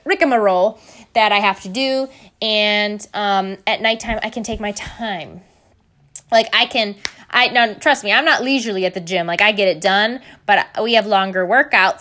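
A woman's voice: fairly high pitch, fairly bright tone. A young woman giving casual motivational fitness talk, chatty and candid with many fillers.

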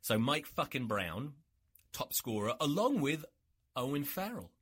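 A man's voice: mid-range voice, very animated, measured pace, a bit bright, slightly rough. A tired man hosting his own rugby podcast, ranting with heavy swearing and sarcasm. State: exhausted. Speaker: podcast host. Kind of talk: solo rugby podcast rant.

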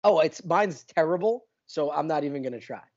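A man's voice: on the high side, lively intonation, fairly quick, muffled recording. Laid-back joking podcast co-host man. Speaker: sports betting podcast co-host. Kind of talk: casual sports betting chat.

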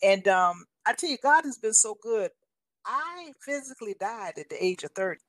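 This guest, a woman in her sixties, gives an earnest testimony of faith, often quoting what people said to her. Her mid-range voice is sing-song and moderately paced, with no echo in the recording.

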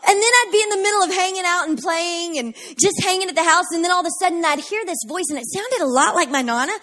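High-voiced woman preaching with passion. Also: expressive, fast talker. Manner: impassioned preaching that builds to shouted declarations. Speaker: pastor. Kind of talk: sermon.

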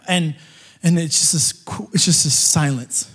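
High-voiced excitable man telling testimony. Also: normal speed, husky. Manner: animated, joking, excitable. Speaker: guest preacher. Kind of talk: storytelling testimony sermon.

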